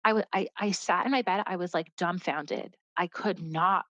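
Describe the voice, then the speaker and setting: A woman's voice: lowish voice, normal speed, bright, forceful tone, no room sound. Earnest woman guest, dry dull audio. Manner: earnest, heavy use of "like" as a filler. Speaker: podcast guest. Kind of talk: casual conversational storytelling.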